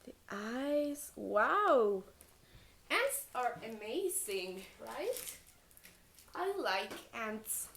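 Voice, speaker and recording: A woman teaching young children letter sounds, slowly repeating each sound for them to echo. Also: fairly high pitch, very animated, gravelly, a bit bright, slight background noise. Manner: switches between English and Spanish. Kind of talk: phonics lesson for young children.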